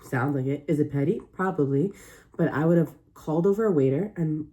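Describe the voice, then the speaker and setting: A woman's voice: low voice, a little fast, warm tone. A woman hosting a reaction video, talking casually to viewers in an exclamatory, incredulous way.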